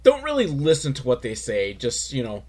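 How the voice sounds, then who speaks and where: A man's voice: mid-range voice, huge pitch swings, normal speed. A man hosting a comedic recap of a TV episode, talking in a wry, rambling way with lots of filler words. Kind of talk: casual comedic commentary.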